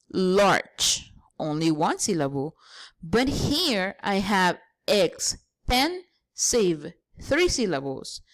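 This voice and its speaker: Female English teacher, grammar lesson, slow and patient, spells things out step by step. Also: a little high.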